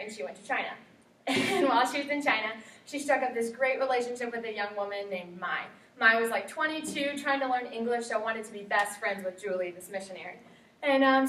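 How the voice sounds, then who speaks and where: A woman's voice: on the high side, fairly bright tone. A young woman giving a chatty classroom presentation, with lots of fillers and quotes she acts out. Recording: echoey room from far off, faint hiss.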